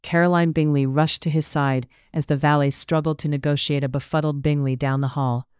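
A narrator telling a period novel in a measured, even manner. The voice is smooth and clear, and the recording is close and dry with no room echo. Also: medium pitch. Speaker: audiobook narrator.

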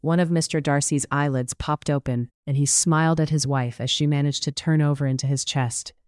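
An audiobook narrator reading a period romance in an even, measured way, close to the mic. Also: medium pitch, clear, resonant tone, dry recording. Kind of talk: scripted narration.

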